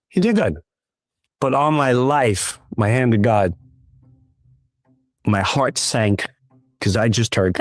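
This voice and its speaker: A man telling a personal story at an open mic, animated and acting out the quotes. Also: mid-range voice, soft background music. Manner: unhurried, animated, acts out quotes.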